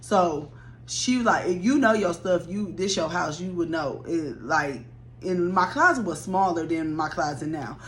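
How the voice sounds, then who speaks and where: Young woman, blunt and animated, talks straight to her viewers, swears freely; light background hum. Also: on the low side, measured pace. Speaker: storyteller. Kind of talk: casual story time.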